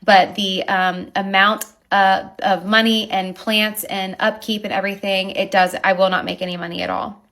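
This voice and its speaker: A woman who owns a wedding venue, telling an animated, indignant account of a dispute with her neighbors. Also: medium pitch, moderate pace. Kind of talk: recounting a neighbor dispute to camera.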